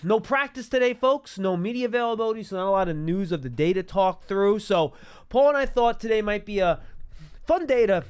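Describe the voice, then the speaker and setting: A man hosts a casual sports talk show in a studio. He talks quickly in a slightly raised voice, chatty and full of restarts. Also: high voice, expressive, clean tone. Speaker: podcast host.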